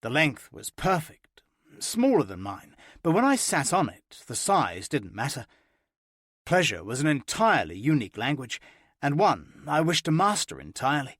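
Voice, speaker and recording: A man narrating a first-person romance audiobook with an expressive, playful reading. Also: fairly high pitch, moderate pace, no room sound, studio quality.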